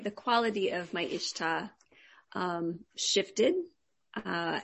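A woman student sharing in class, hesitant and full of fillers. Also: mid-range voice.

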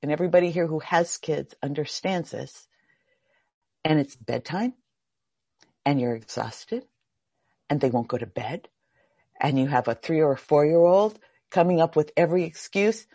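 Husky older woman teaching meditation. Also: sits low, lively intonation, moderate pace, pauses often, no room sound, muffled recording. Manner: chatty, warm storytelling with laughs and restarts. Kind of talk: workshop talk with personal stories.

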